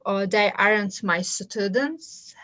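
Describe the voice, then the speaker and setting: A woman's voice: mid-range voice, slow pace, bright, forceful tone, muffled recording. A woman student reading English sentences aloud over a video call, hesitant between phrases. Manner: hesitant, many uh fillers. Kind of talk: reading exercises aloud in class.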